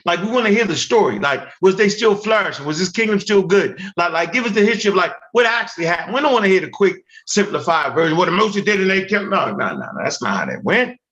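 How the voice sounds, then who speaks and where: A man with a Baltimore accent, talking in lively, swinging bursts on a dull, lo-fi line. He keeps the chat going with lots of "right?" and swears freely. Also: high-pitched, quick pace, hardly any pauses. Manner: animated, profane, talks in bursts with tag questions. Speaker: podcast host. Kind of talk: casual heated chat.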